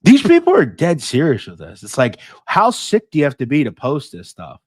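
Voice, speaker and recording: A man from the United States hosts a loose livestream chat, blunt and mocking. His pitch swings widely as he talks, and the sound is dry and close with no room around it. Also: wildly swooping pitch, normal speed, husky, no echo. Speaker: podcast host.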